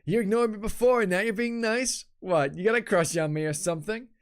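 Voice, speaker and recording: A woman voicing a brash, hotheaded young woman fighter in a webtoon read-through, mocking and animated. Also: medium pitch, fairly quick, close to an everyday voice. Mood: teasing.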